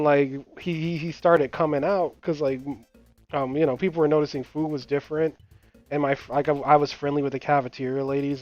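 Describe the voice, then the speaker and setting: With game music playing behind him, a young man speaks in a fairly high, slightly mellow voice with no room sound, recorded on a dull, dry lo-fi mic. He's a gaming channel host who rambles while playing, using lots of fillers, swearing and laughing through his stories.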